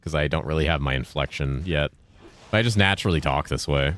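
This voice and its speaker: Very deep-voiced laid-back man streaming. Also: fairly bright tone. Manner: laid-back, profane, reads and answers chat while playing; deliberately enunciated speaking voice, lifted inflection. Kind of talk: casual gaming livestream chat.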